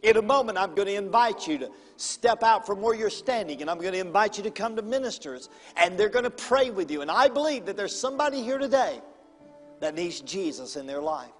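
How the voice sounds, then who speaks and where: A man, a pastor preaching an evangelistic sermon and calling people to the altar with fervent, repetitive urging. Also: high-pitched. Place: large church auditorium. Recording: long reverb of a large hall with faint music.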